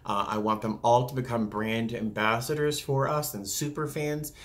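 A man who works as a flight attendant, chatting casually and acting out passengers with sudden jumps in pitch. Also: steady tone, moderate pace. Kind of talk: casual talk to camera.

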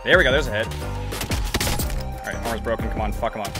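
A man's voice: lowish voice, fast talker, music in the background. A young man giving live commentary over his own gameplay, swearing a lot and mocking himself. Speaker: gaming YouTuber. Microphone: desk condenser microphone.

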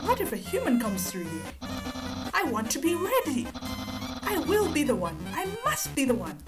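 A woman voicing a boastful, eager male skeleton in a high, loud, pompous voice, with music behind. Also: wildly swooping pitch, moderate pace, rough recording.

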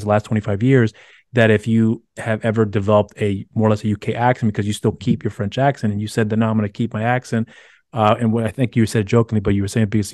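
A man's voice: on the low side, no echo, clean studio sound. A man hosting a podcast, asking long rambling questions full of restarts. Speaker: podcast host. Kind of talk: casual interview chat.

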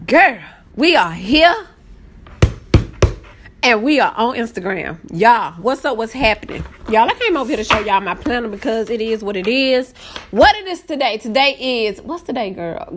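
Woman, live-stream host, easily excited, swoops up and down in pitch. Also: normal speed, a little hiss or hum. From Southern United States. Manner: excitable, greets viewers by name, voice jumps high when excited. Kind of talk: casual live-stream chat.

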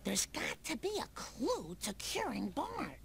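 A frazzled cartoon mom, super gravelly and raspy, high voice that swoops all over. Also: female voice, wildly swooping pitch, measured pace, slight background noise, full character voice. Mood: pleading.

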